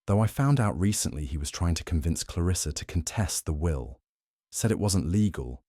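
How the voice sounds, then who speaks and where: A man narrates a mystery audiobook in the first person, measured and even. His voice is deep, and the recording is dry and close with no room sound. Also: dry recording.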